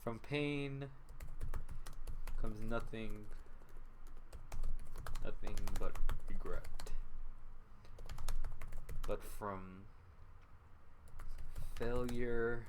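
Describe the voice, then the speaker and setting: A man voicing a cryptic, poetic male orc warrior in a slow, grave way. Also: lowish voice, background noise.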